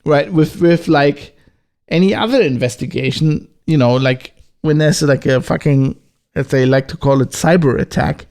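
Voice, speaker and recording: A man with a German accent hosts a solo podcast. His voice sits a little on the high side. He talks casually but with agitation, throwing out profane rhetorical questions. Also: moderate pace, darkish tone. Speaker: podcast host.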